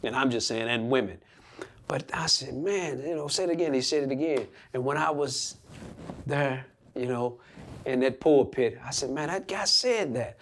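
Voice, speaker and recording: A man's voice: mid-range voice, moderate pace, slight background noise. Earnest man telling his story. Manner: earnest, animated, acts out quoted speech. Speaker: pastor and guest. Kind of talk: emotional personal storytelling.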